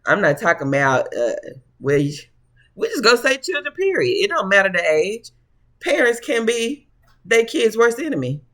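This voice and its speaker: Sassy high-voiced man reading tarot. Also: sing-song, moderate pace, a bit bright. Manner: sassy and preachy, calls listeners honey and baby; laughs often. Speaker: tarot reader. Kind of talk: casual tarot reading to camera.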